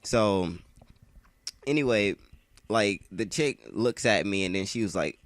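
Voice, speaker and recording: A man's voice: fairly low pitch, measured pace, dry recording. A man casually telling a long story over gameplay in a slangy, rambling way, swearing often and filling his sentences with "like.".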